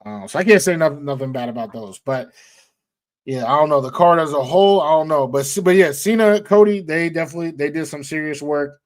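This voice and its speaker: A man's voice: a little high, brisk. A male co-host in casual sports chat, laid-back and hedging with lots of fillers.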